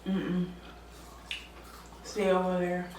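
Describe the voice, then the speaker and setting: Woman mukbang host, slow, chatty and laughing, recorded far from the mic in a roomy space. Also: on the low side, completely flat delivery, background noise. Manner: chatty, laughing, southern-style drawl words like y'all. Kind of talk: casual mukbang chat. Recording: echoey room from far off mic.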